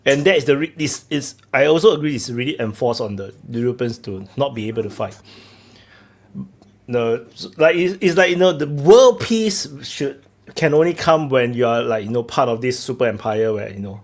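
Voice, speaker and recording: A man's voice: medium pitch, animated, moderate pace. A man hosting a live online debate chat, rambling with many fillers and restarts. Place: online call.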